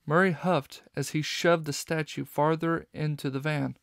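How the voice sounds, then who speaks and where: A man narrating a children's novel audiobook in steady storytelling. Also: fairly high pitch, moderate pace, gravelly, few pauses, no room sound, studio quality.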